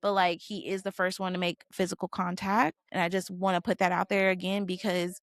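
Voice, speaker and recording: A woman's voice: lowish voice, flat delivery, fairly quick, no echo. A woman co-hosting a podcast, giving her opinions casually and thinking aloud with many fillers. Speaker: podcast co-host. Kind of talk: casual discussion.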